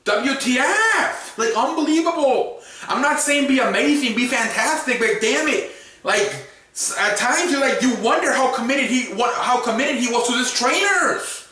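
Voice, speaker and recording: A man's voice: very high voice, animated, moderate pace, sharp tone. A young man ranting in a profane, repetitive, exasperated way as a YouTube sports commentator. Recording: very echoey room, far from mic.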